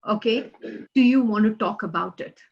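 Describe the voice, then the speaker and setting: A woman's voice: medium pitch, moderate pace, lo-fi sound. A woman presenting a workplace skills workshop in an earnest way, acting out example phrases as she explains.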